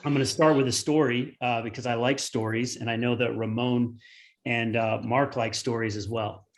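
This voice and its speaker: A man's voice: medium pitch, fairly even intonation, normal speed. Brief: forties male coach, earnest rambling storyteller, webinar. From United States. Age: 40s. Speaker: tennis coach and former pro.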